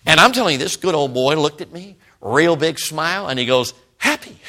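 A middle-aged man preaching a sermon, telling a folksy story with frequent laughs and swings between loud and hushed. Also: a little high, expressive, fairly quick. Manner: folksy storytelling, frequent "you know what I'm talking about".

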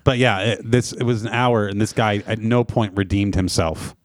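A man's voice: on the low side, normal speed, no echo, clean studio sound. A man co-hosting a casual podcast, telling stories with lots of swearing and acting out what people said. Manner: animated storytelling, profane, acts out quotes. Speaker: podcast co-host.

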